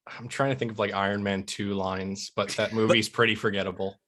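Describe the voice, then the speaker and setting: A man co-hosting a casual podcast chat, relaxed with brief remarks. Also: on the low side, fairly quick. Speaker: podcast co-host.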